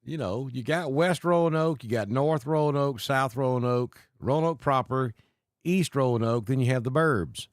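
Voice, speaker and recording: A man from Alabama with a Southern accent tinged with north Georgia mountain talk, hosting a live weather stream in a folksy, unhurried way and greeting viewers by name. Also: mid-range voice, no room sound, clean studio sound. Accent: Southern US, Alabama with north Georgia mountain mix. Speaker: weather livestream host.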